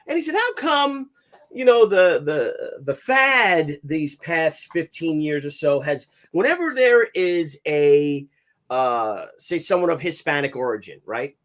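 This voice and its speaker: A man hosting a casual live stream. He greets viewers by name and chats in a lively way, his pitch jumping all over the place. His voice sits a little high. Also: measured pace. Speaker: host of live comics stream.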